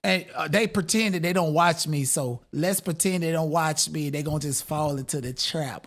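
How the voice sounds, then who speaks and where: A man with a high voice and a gravelly edge hosts casual commentary. He talks straight to his viewers in a mocking, profane way. The voice sits up high with a rough, crackly texture. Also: normal speed, hardly any pauses, a bit bright. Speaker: commentary channel host.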